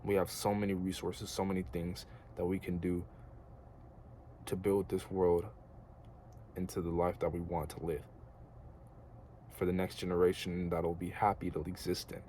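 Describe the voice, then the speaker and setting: A man's voice: low voice, flat delivery, normal speed, pauses often, warm tone, a little hiss or hum. A young American man giving an earnest, rambling spiritual monologue to camera, casual and slangy with lots of filler words. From United States. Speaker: vlogger.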